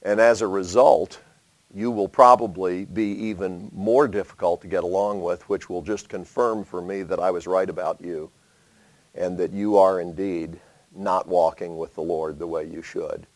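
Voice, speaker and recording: A man preaching a sermon, asking rhetorical questions and swinging between loud emphasis and hushed asides. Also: low-pitched, steady tone, moderate pace, dry recording.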